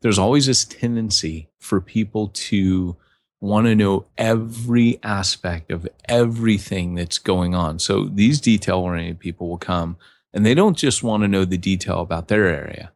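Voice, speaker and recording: Podcast co-host, man, low voice, rambling chat, restarts, dry close sound. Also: normal speed, a little mellow, no room sound. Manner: rambling, with restarts and acted-out quotes. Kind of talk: conversational podcast talk.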